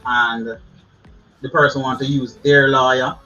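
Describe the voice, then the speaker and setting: Bright-voiced Jamaican man giving chatty advice. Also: medium pitch, flat delivery, measured pace, lo-fi sound, soft background music. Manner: chatty, laughs often, repeats words. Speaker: channel host. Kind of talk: casual advice talk to camera.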